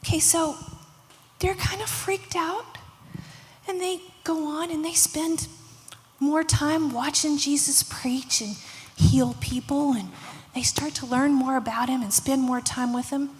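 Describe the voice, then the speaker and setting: A woman teaching a children's church lesson, telling a Bible story with lively voices and hushed moments. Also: high voice, measured pace. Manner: animated storytelling, acting out voices, hushed emphasis. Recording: long hall reverb.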